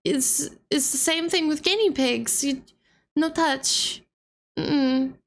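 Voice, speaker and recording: A woman's voice: sits high, slow. A woman streamer chatting casually and giggling while she reacts to a gaming video.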